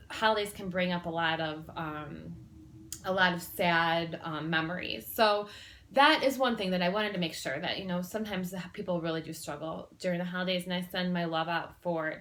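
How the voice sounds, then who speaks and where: A woman's voice: fairly low pitch, normal speed. A woman talking casually to camera as a self-help vlogger, chatty and rambling with frequent ums and restarts, earnest as she shares personal stories. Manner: earnest and warm-hearted, sharing personal stories.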